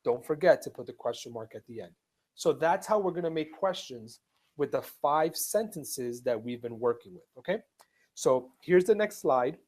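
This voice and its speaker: A man of middle pitch teaches an online English class. He speaks slowly and patiently, going over each rule more than once. He reads example sentences aloud with careful stress. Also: lively intonation, a little mellow. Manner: slow, patient, repeats each point. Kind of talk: live online ESL lesson.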